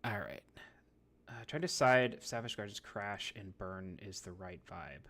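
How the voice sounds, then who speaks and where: Bright-voiced rambling male streamer. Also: on the low side, normal speed. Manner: rambling, profane, talks to himself while browsing. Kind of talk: casual live-stream chat.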